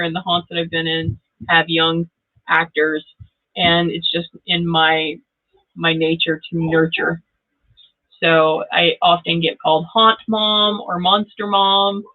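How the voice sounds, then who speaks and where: A middle-aged woman hosting a live tarot reading, chatty and laughing often as she talks straight to viewers. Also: lowish voice. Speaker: tarot reader and channel host. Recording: tinny phone-like audio.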